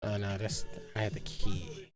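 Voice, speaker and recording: A man's voice: fairly low pitch, huge pitch swings, unhurried, music in the background. A man streaming a game, chatting casually and rambling, swearing and joking at himself. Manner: rambling, swears freely, self-mocking. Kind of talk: casual gaming stream chat.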